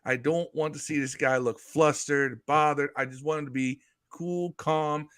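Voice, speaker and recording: A man co-hosting a podcast, talking sports in an animated, storytelling way with casual swearing. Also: on the high side, normal speed, clear, resonant tone. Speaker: podcast co-host. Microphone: live stream podcast mic.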